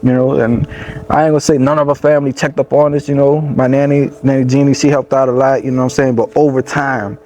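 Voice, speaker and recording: A man's voice: mid-range voice, little pitch movement, fast, darkish tone. A young man with a Louisiana accent, a rapper telling a personal story in a casual interview, loose and rambling, full of "you know what I'm saying". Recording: faint background noise.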